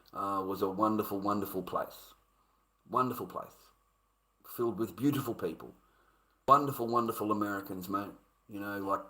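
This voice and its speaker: A man's voice: lowish voice, bright, forceful tone, poor audio. Sweary blunt Australian man ranting. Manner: sweary, blunt, laughs often, says mate constantly. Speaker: streamer. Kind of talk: casual ranting chat.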